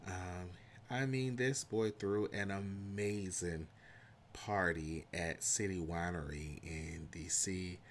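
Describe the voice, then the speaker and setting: A man with a Southern US country accent reading a history passage aloud and then chatting casually about his weekend, lively and slangy. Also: low-pitched, slow, slight background noise. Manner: animated, drawls and trails off, slangy asides. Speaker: vlogger. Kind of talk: casual vlog talk with a read-aloud segment.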